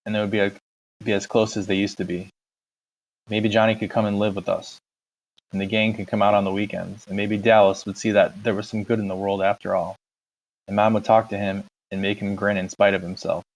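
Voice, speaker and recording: Low-voiced man reading a novel aloud. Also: little pitch movement, brisk, rough recording. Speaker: audiobook reader.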